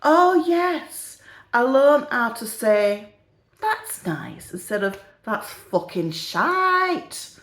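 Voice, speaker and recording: A woman's voice: fairly high pitch, very animated, very slow, fairly bright tone, echoey room, voice pushed up, exaggerated voice. A woman voicing a chatty, boastful old lady with a Northern English accent. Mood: gossiping. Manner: gossipy, boastful.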